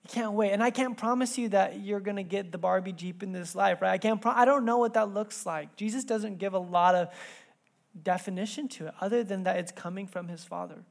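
A man in his thirties, a pastor giving a sermon in church, telling a family story in a conversational way that swings between soft asides and loud bursts. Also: high voice, brisk, vocal fry.

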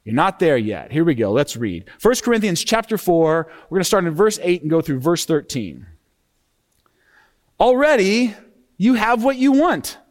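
Animated high-voiced pastor preaching. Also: male voice, a little fast, hardly any pauses. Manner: animated preaching, acts out sarcastic tone when quoting scripture. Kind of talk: sermon.

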